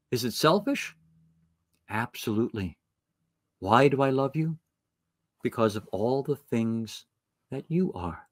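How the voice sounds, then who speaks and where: A man's voice: mid-range voice, lively intonation, slow pace, long pauses, no room sound. A man giving a retreat talk, telling a story with acted-out dialogue and reading scripture. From United States. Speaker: retreat speaker.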